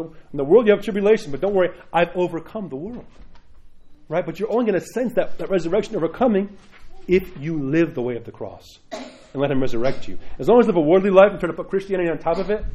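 A male priest speaks quickly in a somewhat high voice, teaching his listeners in a conversational way. He keeps checking in with "right?" and slips into short acted-out inner voices as he makes his points. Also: darkish tone. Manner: acts out inner voices in quotes; conversational, often adds "right?". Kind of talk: teaching talk to a congregation.

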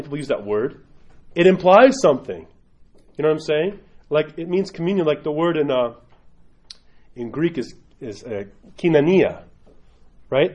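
A man's voice: a little high, a little mellow. A man who is an Orthodox priest, teaching in a loose conversational way and often checking in with "right?". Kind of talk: informal teaching talk.

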